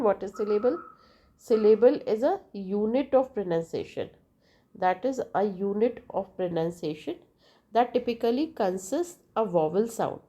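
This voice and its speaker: A woman gives an informal lecture on language terms. She talks slowly and works through each example, her voice warm and mellow, and she keeps pausing to check with "right?". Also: a little high. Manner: slow, explanatory, with frequent filler "right?". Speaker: English teacher.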